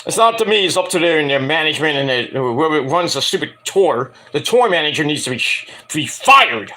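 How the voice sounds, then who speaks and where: This wrestling review show host tells a rambling, self-deprecating story in a casual monologue, swearing freely as he acts out quotes. His voice sits on the high side, brisk, pushed and bright, with big pitch swings.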